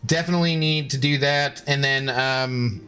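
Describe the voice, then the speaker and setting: A man's voice: mid-range voice, fairly even intonation, moderate pace, bright, forceful tone, faint music behind. A man in his thirties chatting casually while streaming a game, rambling with many fillers and restarts. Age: 30s. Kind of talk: casual live-stream chat while gaming.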